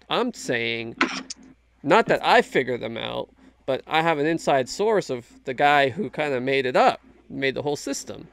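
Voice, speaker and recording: A man with a mid-range, slightly bright voice and vocal fry speaks casually and earnestly about his faith as a Christian guest in a faith discussion. He is emphatic and restarts often in this relaxed conversation.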